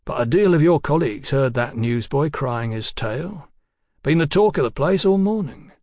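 A male narrator voicing a dry, deliberate Victorian police detective who questions politely and speaks in measured tones. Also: on the high side, lively intonation, a little mellow, no room sound.

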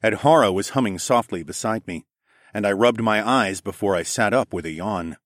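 A man narrating a first-person story in a relaxed, expressive audiobook reading. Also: fairly low pitch, normal speed, no echo, studio quality.

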